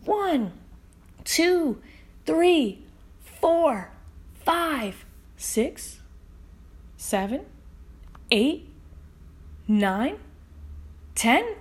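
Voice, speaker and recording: Playful high-voiced woman storyteller. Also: animated, slow pace, slightly rough. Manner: playful, counting aloud, dropping into whispers. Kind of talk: improvised children's story narration.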